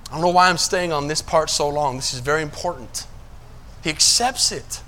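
A male pastor preaching a sermon, checking that the congregation is following and moving between quiet asides and loud, emphatic stretches. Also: fairly high pitch, normal speed.

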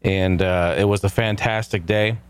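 A man's voice: lowish voice, fairly even intonation, normal speed, smooth. A man hosting his own podcast in a casual, jokey way, swearing now and then. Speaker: podcast host.

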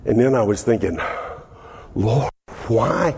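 A man's voice: lowish voice, lively intonation, a little slow, darkish tone, in a large hall, a little hiss or hum. A man preaching as a pastor, reading scripture and reflecting on it earnestly, in a preacherly manner with restarts. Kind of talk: sermon, Bible reading and reflection.

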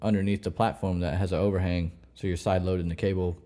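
Low-voiced laid-back male podcast host. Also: flat delivery, fast talker, warm tone. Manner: laid-back, profane, chatty. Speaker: podcast host and commercial diver. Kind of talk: casual podcast chat.

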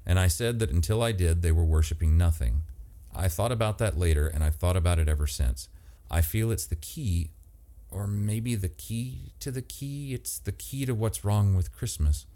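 A man voicing a plain-spoken, steady middle-aged woman who talks deliberately with little emotion. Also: sits low, natural voice. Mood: resolute.

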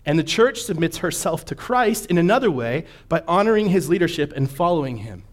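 A man preaching a sermon in a conversational way, often checking in with his listeners and slowing down to read scripture with emphasis. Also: on the high side, sing-song.

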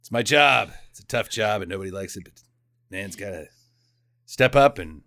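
A man doing a gruff, low mock-heroic elf guy. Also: animated, normal speed, sharp tone, no echo, clean studio sound. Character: gruff self-pitying adult male elf hero.

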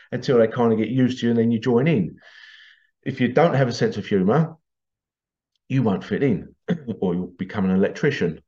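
A middle-aged man talks in a loose, rambling way, often breaking into chuckles and repeating himself. His voice sits at an ordinary pitch for a man. The recording sounds slightly dull and lo-fi. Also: a little mellow. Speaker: tradesman vlogger. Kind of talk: casual anecdotal monologue.

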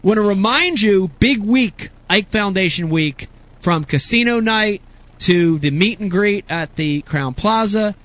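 Upbeat high-voiced show host. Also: male voice, expressive, unhurried, a bit bright, no room sound, highs cut off. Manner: coaxing, upbeat, stumbling restarts. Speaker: host of a live fishing show. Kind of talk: live show wrap-up chat. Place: room with a small crew, on camera.

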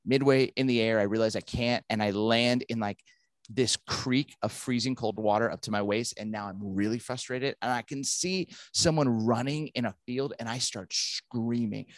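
A man, a pastor and author, telling a story in an interview and acting out the quoted lines with animated delivery. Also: medium pitch, moderate pace, no echo.

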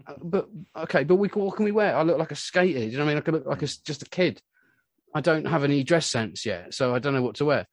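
A man in his forties, a musician being interviewed, telling stories in a rambling, animated way with lots of filler words. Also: a little high, fast, dry recording. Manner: rambling, animated storytelling full of "you know". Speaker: musician guest. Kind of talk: casual interview chat.

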